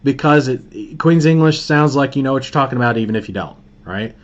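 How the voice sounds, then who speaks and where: A man with a Southern Alabama accent talks casually on a video call, spinning folksy stories and laughing along the way. His voice sits at an ordinary middle pitch. The call audio is dull and lo-fi. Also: lively intonation, a little fast. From Birmingham, Alabama. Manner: folksy, storytelling, laughs often. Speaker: host of a marketing live call. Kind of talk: casual coaching chat.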